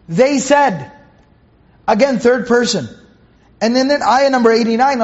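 A man's voice: very high voice, lively intonation, unhurried, long pauses, dull audio. A man teaching a Quran commentary lecture to students in a conversational way, repeating phrases, asking rhetorical questions and reciting Arabic verses.

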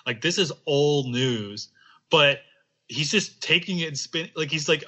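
A man's voice: fairly high pitch, a little slow, sharp tone. A man in casual political chat on a podcast, rambling with many fillers and swearing. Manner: rambling, heavy on filler "like", profane.

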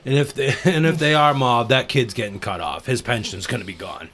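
A man in casual podcast chat, telling a story from working as a bouncer, dropping low and quiet as he tells it. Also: brisk, slight background noise. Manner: laid-back, drops low and quiet when telling a story. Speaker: podcast co-host; former bouncer.

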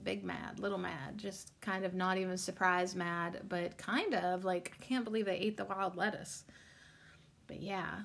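A woman hosts her own podcast in a casual solo chat, rambling along with plenty of ums and an occasional curse word. Her voice is mid-range and a bit bright.

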